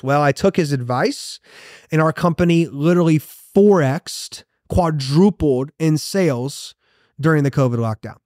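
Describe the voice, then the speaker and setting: Male motivational host, thirties, high-pitched and punchy, dry close-mic sound. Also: measured pace, darkish tone, dry recording. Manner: emphatic, punchy preaching with repeated catchphrases. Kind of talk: motivational monologue.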